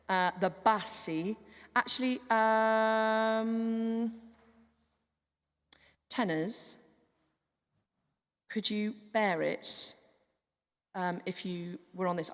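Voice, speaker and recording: A woman director coaching a choir in a church, chatty and breaking words down to demonstrate how to pronounce them. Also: lowish voice. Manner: chatty, demonstrates pronunciation word by word. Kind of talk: rehearsal coaching. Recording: long hall reverb.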